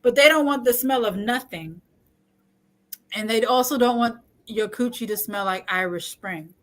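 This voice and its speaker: A woman's voice: a little high, normal speed, a bit bright. A young adult woman hosting a casual chat, talking frankly and joking, often laughing. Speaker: host.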